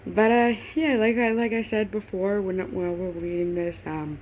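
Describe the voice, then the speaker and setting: A woman's voice: medium pitch, fairly even intonation, normal speed, darkish tone, slight background noise. Chatty woman reading fan fiction. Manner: chatty, laughing asides, stumbles over words. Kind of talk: casual reading aloud with asides.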